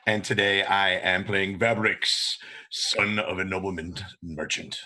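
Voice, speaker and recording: A man's voice: low-pitched, steady tone, unhurried, pushed and bright. A man playing in a tabletop game, chatting and laughing over a video call. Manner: laughing, playful. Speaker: player. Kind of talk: casual livestream chat.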